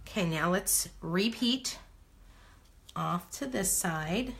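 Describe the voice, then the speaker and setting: Female vlogger, 30s, bright voice, excitable and chatty, hosting a crafting video. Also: on the low side, takes it slowly, gravelly, pauses often. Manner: bubbly, exclamatory, talks to viewers while working. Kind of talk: casual crafting tutorial chat.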